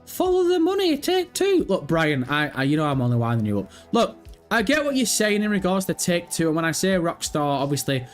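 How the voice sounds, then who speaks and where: Man, young adult, livestream host, sweary teasing chat, fairly high voice, faint music behind. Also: animated, fairly quick. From Britain. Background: faint background music.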